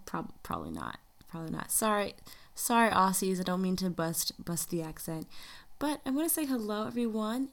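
This is an upbeat American woman hosting her own podcast. She talks in a loose, chatty way straight to her listeners and keeps calling them y'all. Her voice sits in a middling register. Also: mid-range voice. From United States. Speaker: podcast host. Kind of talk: casual podcast monologue.

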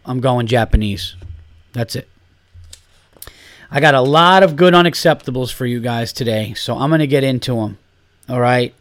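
A man's voice: smooth, no echo. Man, thirties, solo podcast rant, swearing, worked-up, dry close sound. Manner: animated, profane ranting, swings loud and high when worked up. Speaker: podcast host.

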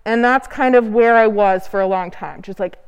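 A woman's voice: mid-range voice, normal speed, dull audio. Candid young woman in a reverberant hall. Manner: candid, rambling, heavy use of "like". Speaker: speaker sharing recovery story. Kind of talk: personal testimony at a recovery meeting. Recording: smooth voice with long hall reverb.

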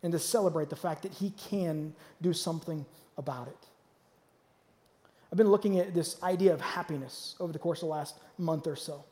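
Male pastor, high voice, dynamic sermon delivery, long reverb of a church hall. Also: normal speed. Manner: dynamic preaching, swings from loud to hushed. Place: church auditorium.

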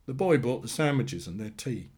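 A male narrator reading a short story aloud. He tells it plainly and steadily, and his pitch moves about in a lively way. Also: moderate pace, husky. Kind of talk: scripted narration.

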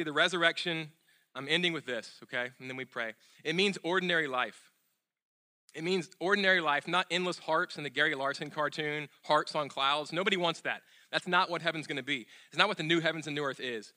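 Guy pastor preaching, really bright clear voice, earnest, lots of ums and restarts, goes quiet and low on the big lines. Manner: earnest, repeats key phrases, drops soft and low on closing lines; fillers and restarts in unscripted stretches. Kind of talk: sermon.

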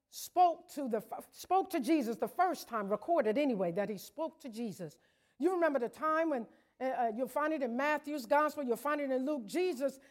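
Impassioned high-voiced woman preaching. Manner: passionate, swings from hushed to shouting; call-and-response questions to the congregation. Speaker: guest preacher. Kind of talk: sermon.

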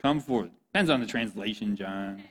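A man's voice: lowish voice, normal speed, fairly bright tone. A man giving an earnest, impassioned sermon as a youth pastor, often speaking to his listeners as "guys.".

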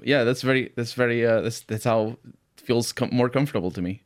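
A chatty man who often laughs while talking, and English is not his first language. His voice sits at a middle pitch. He speaks loosely and casually, as in a relaxed group conversation. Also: fairly quick. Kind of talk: casual chat.

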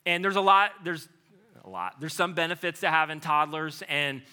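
High, bright-voiced animated male preacher. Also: moderate pace, clear, resonant tone. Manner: animated, swings from loud urgency to hushed low delivery. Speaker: pastor. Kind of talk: sermon.

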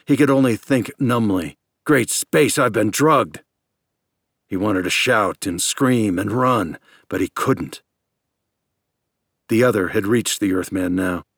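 A man in his fifties narrates an audiobook in a measured, even storytelling voice. His voice sits on the low side, and the close studio recording is dry with no room echo.

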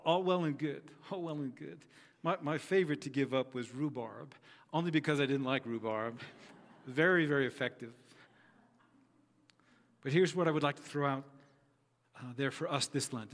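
A man's voice: medium pitch, long reverb tail. A man preaching a sermon as pastor, telling a story with earnest, repeated phrases.

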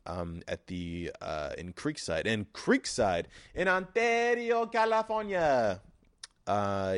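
A young man talks loosely through a casual solo podcast and swears easily. His voice is on the low side, and the recording is dry, with no room sound. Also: dark tone, no room sound. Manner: rambling and profane, with frequent restarts. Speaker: podcast host.

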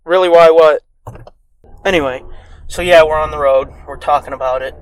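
A man's voice: a little high, normal speed, smooth, dry recording, low-quality recording. A man co-hosting a podcast, chatting casually and swearing a lot as he tells stories from a moving car. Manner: animated storyteller, swears a lot, acts out quoted voices. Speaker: podcast co-host. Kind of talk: casual chat streamed live from a car. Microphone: phone held in hand. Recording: phone in a car, road noise.

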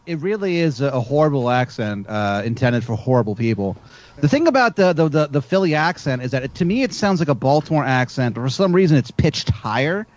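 A man's voice: mid-range voice, very animated, a little fast, darkish tone. A man from Virginia co-hosting a casual podcast chat, joking and sarcastic, swearing freely. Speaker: podcast co-host. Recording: dull lo-fi sound.

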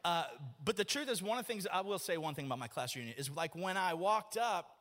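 A man's voice: sits high, quick pace. A man, preaching a folksy, joking sermon in a church. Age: 40s. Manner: folksy, joking, animated storytelling. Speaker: pastor. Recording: long reverb of a church hall.

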